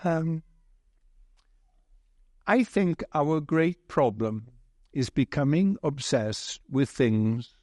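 A man preaching a sermon slowly and deliberately, telling a gentle humorous story along the way. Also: a little high, expressive, no room sound, clean studio sound.

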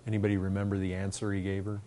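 A man's voice: low-pitched, monotone, rapid-fire, warm tone, slight background noise. Earnest man preaching. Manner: earnest, repetitive, building to fervent emphasis. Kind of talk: sermon.

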